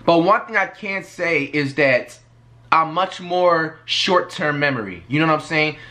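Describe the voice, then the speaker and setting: Guy reacting to his old clip, chill and reflective, keeps saying you know what i'm saying, kinda bright voice. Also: fairly high pitch, expressive, measured pace. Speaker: reaction channel host. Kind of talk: casual reaction commentary.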